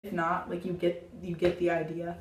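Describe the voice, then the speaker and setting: A young woman telling a childhood story in a casual storytime vlog, dramatic and animated, saying "like" constantly. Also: on the low side, moderate pace. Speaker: vlogger. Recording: roomy, mic at a distance.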